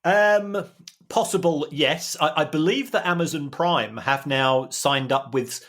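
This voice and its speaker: A man co-hosting a podcast, explaining football finances in a measured way with frequent restarts. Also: a little high, a bit bright. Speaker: football finance expert co-host. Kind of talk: casual podcast chat.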